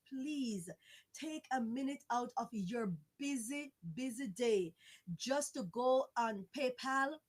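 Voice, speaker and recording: A middle-aged woman from Jamaica, making a pleading, repetitive fundraising appeal in a church-style exhortation. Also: on the high side. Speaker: fundraising campaigner.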